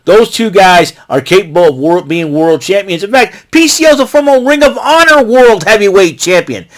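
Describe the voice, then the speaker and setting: An American man hosting his own vlog, giving an excitable, rambling recap full of asides and restarts. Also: sits high, normal speed. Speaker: vlog host recapping wrestling.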